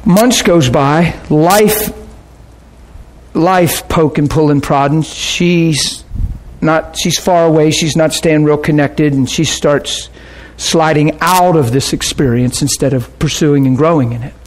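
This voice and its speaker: A middle-aged man preaching and telling a story as a pastor, animated, jumping into shouts when he gets worked up. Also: a little high, takes it slowly. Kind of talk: sermon storytelling.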